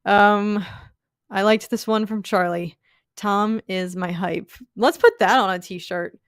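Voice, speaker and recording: A woman's voice: medium pitch, takes it slowly, clear, resonant tone, no echo, clean studio sound. A young woman hosting a casual live stream, gushing and laughing often as she thanks viewers and rambles with fillers. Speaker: livestream host.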